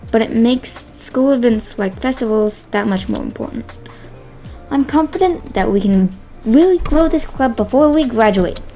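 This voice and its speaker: A woman's voice: a little high, expressive, moderate pace, dark tone, soft background music. A woman reading the lines of a friendly, encouraging teenage girl who is a club president, as she reads a visual novel aloud. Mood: upbeat. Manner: friendly, encouraging, plainly read.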